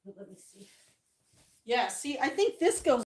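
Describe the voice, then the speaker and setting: Woman, home vlogger, higher voice; casual chatty delivery, a bit teary, frequent laughs. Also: sing-song, unhurried, slightly rough. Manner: chatty, laughs often between lines. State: tearful. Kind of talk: casual chat to camera.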